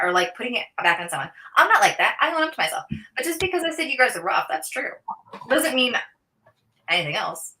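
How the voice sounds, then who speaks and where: A woman's voice: a little high, very animated, fairly quick, bright, forceful tone. A woman with a Northern US accent co-hosting a livestream, bantering playfully, teasing and tripping over words. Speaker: stream co-host.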